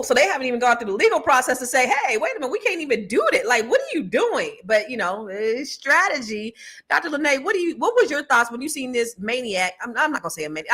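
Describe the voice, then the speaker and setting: A woman's voice: high-pitched, bright, forceful tone. A woman moderating a panel discussion, talking loosely and slangily with lots of restarts.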